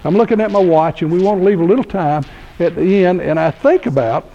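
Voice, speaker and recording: In a muffled recording from a university lecture hall, a man from Georgia in his sixties delivers a keynote of folksy, funny anecdotes, laughing at his own stories. He speaks fairly quickly in a high, expressive voice.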